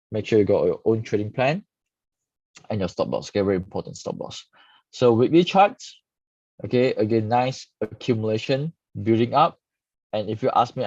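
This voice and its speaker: In a fairly low, dark-toned voice, a man goes over stock charts live as an analyst host, sprinkling "okay" throughout his casual explanations. The sound is dry, dull, and lo-fi, without any room tone.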